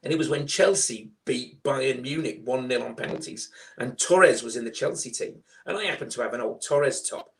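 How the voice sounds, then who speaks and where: A man, a guest on a live online chat, telling a story with lively acted-out dialogue over a video call. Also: mid-range voice, normal speed, few pauses. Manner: animated storyteller, acts out dialogue.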